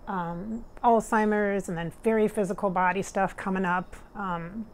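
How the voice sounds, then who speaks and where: A woman's voice: medium pitch, fairly even intonation, moderate pace, slight background noise. A middle-aged woman working as a spirit medium talks casually to her viewers. She is earnest and emotional, laughs often and tears up. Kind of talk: casual monologue during a channeling session.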